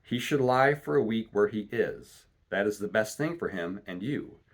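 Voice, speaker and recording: A man's voice: fairly low pitch, animated, moderate pace. A man voicing a stern country doctor who lectures firmly and plainly, reading a storybook aloud. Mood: brisk. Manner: firm, lecturing and plain-spoken.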